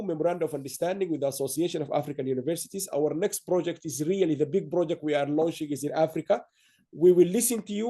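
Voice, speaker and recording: A man's voice: on the high side, dark tone. A man hosting an online awards ceremony, speaking in a rambling way with many fillers and restarts.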